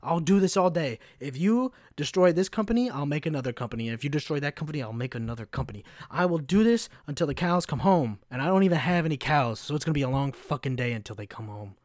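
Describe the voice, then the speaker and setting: A man's voice: on the high side, animated, fast talker, hardly any pauses, darkish tone, no echo, studio quality, natural voice. A man quoting a blustering, stubborn male office boss in his own voice while ranting on a podcast. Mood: defiant.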